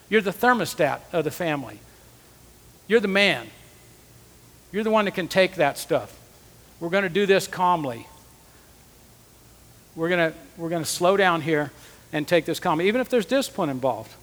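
Bright-voiced man preaching in a hall. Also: sits high, lively intonation, moderate pace, long pauses. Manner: conversational preaching, earnest. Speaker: conference speaker. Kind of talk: sermon teaching.

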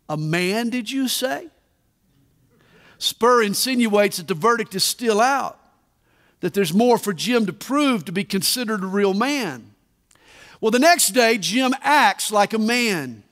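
A man preaching a sermon at a conference, deliberate and emphatic, with dramatic pauses. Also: high-pitched, fairly bright tone. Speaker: pastor. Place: large conference hall. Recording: reverberant conference hall.

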